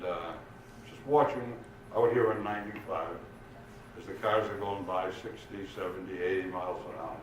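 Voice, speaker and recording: An older man telling jokes in an unhurried, lively way to a live audience in a community room at a retirement village, recorded in an echoey room from far off. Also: on the low side, a little hiss or hum. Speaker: amateur comedian. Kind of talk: stand-up joke telling. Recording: echoey room, mic far off, faint ambience.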